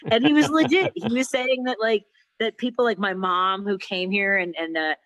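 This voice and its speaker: A middle-aged woman from Chicago, a comedian with a migraine, telling an animated, mock-outraged story over a video call. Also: medium pitch, moderate pace, dry recording. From Chicago, USA. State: suffering a migraine. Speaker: comedian and talk show host guest. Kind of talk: stand-up style ranting story.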